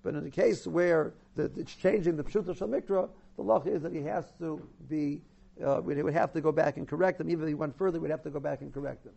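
Halting gravelly man teaching Torah law. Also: fairly high pitch, dark tone. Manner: halting, many restarts and repeated words. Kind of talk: informal halachic lesson on Torah reading. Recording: dull lo-fi recording.

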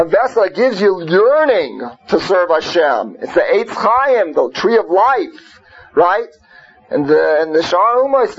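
A man's voice: sits high, slightly rough. A man teaching an informal Torah class, talking conversationally, peppering his points with rhetorical questions and Hebrew and Yiddish terms. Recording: muffled lo-fi recording.

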